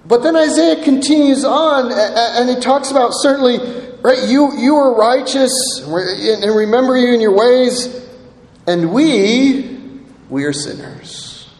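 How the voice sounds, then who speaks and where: A man's voice: very high voice, normal speed, a little mellow. A man preaching a sermon, earnestly reading scripture and often checking in with "right?". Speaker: pastor. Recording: echoey hall with long reverb.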